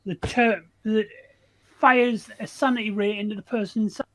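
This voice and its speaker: A man's voice: high-pitched, fairly even intonation, moderate pace, a bit bright. A man playing a tabletop game, joking and sarcastic. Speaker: player. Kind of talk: casual chat in a tabletop game.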